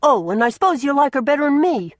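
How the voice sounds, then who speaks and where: A woman reading an audiobook voices a blunt, quick-tempered orphan girl who talks in folksy rural slang. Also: medium pitch, sing-song, dry recording, clean studio sound.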